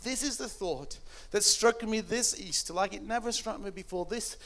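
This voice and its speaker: High-voiced preacher, hushed then fervent. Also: male voice, normal speed. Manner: impassioned, swings from hushed to loud. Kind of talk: Easter sermon.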